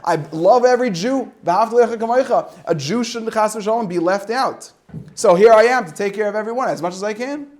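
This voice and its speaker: A middle-aged man, a rabbi giving an informal Torah talk to high school students, telling stories with acted-out dialogue and Yiddish and Hebrew words mixed in. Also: moderate pace. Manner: animated storytelling with acted-out dialogue and asides.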